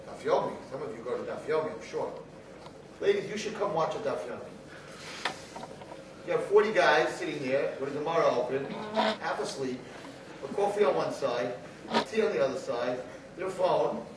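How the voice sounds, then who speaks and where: A middle-aged man lecturing as a rabbi at a live event, swinging from quiet asides to shouting as he acts out arguing voices. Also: on the high side, expressive, moderate pace, pauses often. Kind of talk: animated live talk. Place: large hall at a live event. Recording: distant, echoey hall recording with faint noise.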